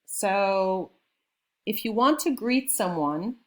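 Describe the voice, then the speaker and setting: A woman's voice: mid-range voice, animated, slow pace. A woman teaching a beginner French class, explaining patiently and checking in often with her students. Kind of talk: classroom lesson.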